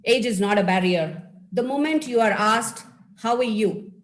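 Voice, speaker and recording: A woman's voice: fairly high pitch, normal speed, poor audio. A woman from India, a life skills speaker, giving a live webinar talk over a video call and encouraging her audience as friends.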